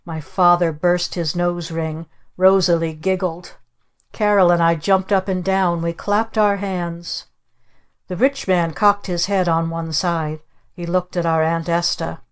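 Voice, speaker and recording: A woman narrating an audiobook of children's stories in an even, dry storytelling manner. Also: on the low side, clean tone. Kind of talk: scripted narration.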